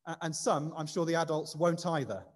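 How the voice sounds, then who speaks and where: A man's voice: on the high side, fairly quick. A man leading a light-hearted quiz in a church service, chatty and self-deprecating. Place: church building. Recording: long reverb of a church hall.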